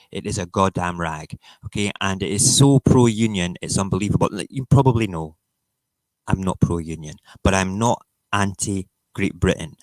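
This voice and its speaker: A man's voice: low-pitched, dry recording. A middle-aged Scottish man hosting a casual morning livestream, reading the papers with sarcastic, sweary, mock-outraged rants. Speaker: livestream host. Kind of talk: morning chat show, ranting about newspaper front pages.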